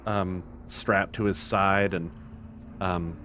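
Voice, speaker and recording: Low-voiced man running a tabletop game. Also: fairly even intonation, fairly bright tone. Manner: halting, many ums and restarts. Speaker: game master. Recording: noticeable background noise.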